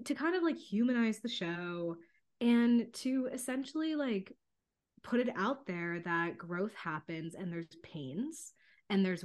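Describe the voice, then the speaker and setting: A woman co-hosting a podcast in casual chat, upbeat and supportive, laughing often. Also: mid-range voice. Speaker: podcast co-host.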